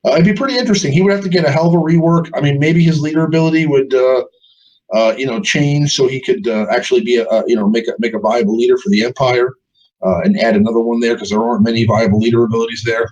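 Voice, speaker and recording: A man hosting a casual live gaming show, often halting and restarting his words. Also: mid-range voice, steady tone, darkish tone, muffled recording.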